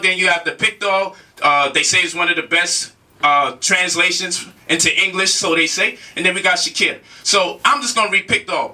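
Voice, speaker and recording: Very high-pitched, bright, emphatic man. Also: distant mic. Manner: emphatic, repeats rhetorical questions, casual slang. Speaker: speaker challenging a debate opponent. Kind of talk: heated spoken lecture.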